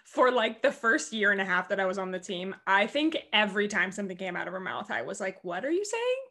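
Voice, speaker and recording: A woman's voice: mid-range voice, pushed and bright. A young American woman in casual conversation, interviewing a teammate in a chatty way with lots of filler words. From United States. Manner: chatty, fast, many "like" fillers.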